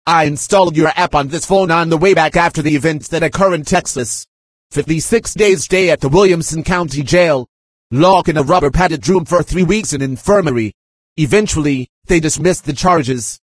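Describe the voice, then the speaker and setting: Man, husky and fairly high, reads a message aloud dictation-style, spelling names and calling out punctuation, insistent and aggrieved. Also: normal speed, no echo. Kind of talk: reading a written message aloud.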